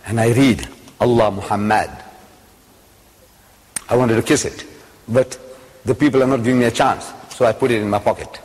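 A man's voice: mid-range voice, darkish tone, in a large hall. An older man giving a religious lecture to a live audience, telling a story and often putting questions to his listeners.

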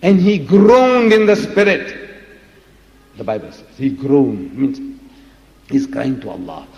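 A man's voice: medium pitch, sing-song, unhurried, darkish tone. A man giving a religious lecture in an emphatic, dramatic way, full of rhetorical questions. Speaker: preacher. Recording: dull lo-fi recording in a reverberant hall.

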